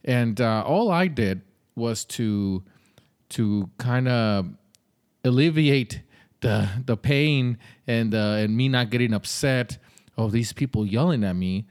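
A man's voice: mid-range voice, slow, darkish tone, clear, resonant tone. A man hosting a podcast, giving casual advice in a blunt, conversational way with some mild swearing. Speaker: podcast host.

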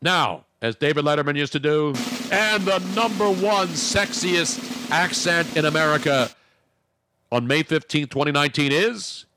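A man's voice: a little high, unhurried, noisy background. A man, hosting a radio show with joking, rambling banter that often stops and restarts. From Philadelphia. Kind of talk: casual comedic radio banter.

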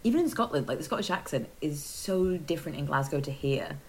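A woman with a Liverpool accent, co-hosting a podcast and chatting casually, telling stories with quick asides. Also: deep voice, expressive, darkish tone, a little hiss or hum, rough recording. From England. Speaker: podcast co-host. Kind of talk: casual chat.

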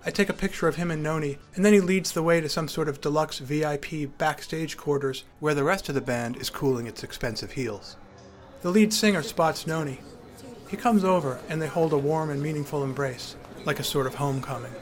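Male author-narrator, wry storyteller, slightly high pitch, soft music bed. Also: a little fast. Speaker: author narrating his memoir. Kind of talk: audiobook memoir narration.

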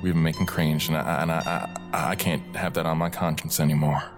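A very deep-voiced man playing a grim, doomed man. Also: level tone. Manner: heavy, halting, stammering resolve. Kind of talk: tabletop role-play. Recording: clear music underneath.

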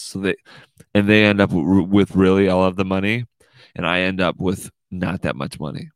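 A man's voice: low voice, fairly even intonation, normal speed, no echo. A man hosting a casual livestream podcast, rambling and swearing, saying "dude" a lot. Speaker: podcast host.

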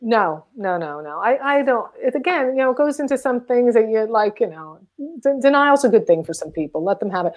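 Middle-aged female comic, higher voice, lively storytelling guest. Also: fairly quick, hardly any pauses. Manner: animated, acts out quoted voices. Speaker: comedian guest. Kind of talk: casual chat, storytelling.

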